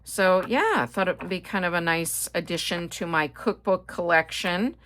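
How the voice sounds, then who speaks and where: Chatty Midwestern woman, slightly low voice. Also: normal speed, fairly bright tone. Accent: Midwestern American. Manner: chatty, rambling, with frequent fillers and asides. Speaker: haul video host. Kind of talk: casual chat.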